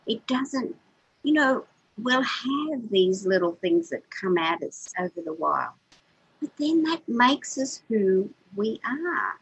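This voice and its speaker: A woman's voice: on the high side, big pitch swings, slow, husky, poor audio. An older woman, a co-host on a spiritual radio show, talking earnestly and repeating words as she gathers her thoughts. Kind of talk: heartfelt spiritual chat.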